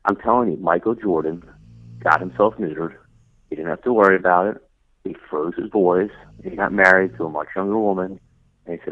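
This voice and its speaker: Deep-voiced man on a wiretapped phone. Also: a little fast. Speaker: recorded caller. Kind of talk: private phone conversation. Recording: tinny wiretapped phone line.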